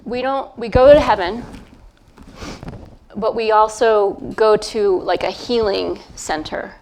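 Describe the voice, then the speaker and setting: A middle-aged woman, a psychic medium, gives a gentle, hesitant live reading before an audience, pausing often as she feels her way. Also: mid-range voice, steady tone. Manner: gentle, hesitant, feeling her way with many pauses. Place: event talk in front of a live crowd.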